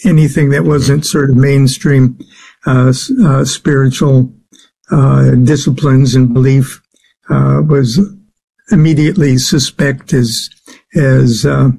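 A man answering interview questions as a guest, speaking haltingly with many filler sounds. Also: medium pitch, fairly even intonation, creaky, dark tone, slightly rough. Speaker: guest expert on the occult.

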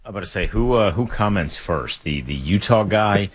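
A man's voice: lowish voice, animated, moderate pace, husky. A man co-hosting a sports talk show, cutting in with joking questions. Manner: joking interjections, laughs. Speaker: radio co-host.

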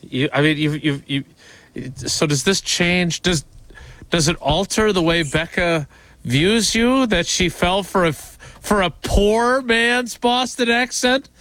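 A man's voice: high-pitched, takes it slowly, a bit bright, no echo. A man hosting a casual talk show, thanking listeners and teasing his co-host in a wry way. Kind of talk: casual chat.

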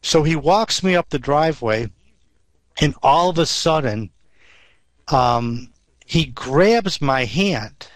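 A man's voice: fairly high pitch, animated, slow pace, pauses often, no echo. Rambling man telling his testimony. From Western New York. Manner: rambling, many restarts and fillers. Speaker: guest sharing testimony. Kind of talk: storytelling testimony.

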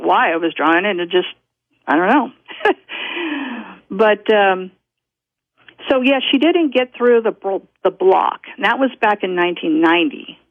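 A woman recounts a personal story down a thin, tinny telephone line. Her speech is dry and close, full of restarts and small laughs. Her pitch sits in an ordinary middle range. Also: dry recording. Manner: rambling, self-interrupting, laughs often. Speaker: guest.

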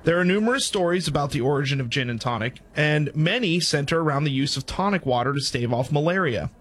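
A man with a Southern US accent, presenting prepared background notes on a drink's history in a measured way with a few fillers. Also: on the high side, lively intonation, a bit bright.

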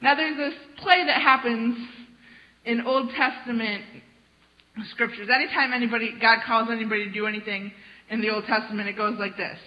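A woman's voice: on the high side, moderate pace. Woman preacher telling a story. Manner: animated storytelling, conversational. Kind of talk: sermon. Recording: dull lo-fi sound.

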